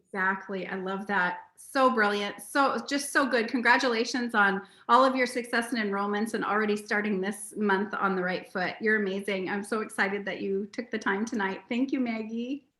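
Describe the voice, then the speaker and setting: A woman's voice: medium pitch, moderate pace, hardly any pauses, sharp tone, roomy sound. A woman hosting a team video call, gushing and effusive with praise. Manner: gushing, effusive, tearful at times. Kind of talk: emotional team recognition chat.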